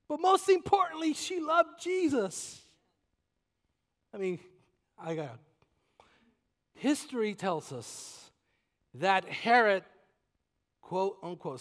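A man preaching a sermon as a guest pastor, swinging from shouted emphasis to hushed, near-whispered passages. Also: very high-pitched, lively intonation, measured pace, long pauses. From Puerto Rico. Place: church sanctuary. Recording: long reverb of a large church hall.

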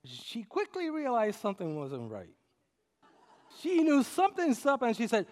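Man, middle-aged, preacher, high-pitched, lively storytelling sermon, from Puerto Rico. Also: moderate pace. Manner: animated, swings loud and soft, acts out quotes. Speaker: pastor.

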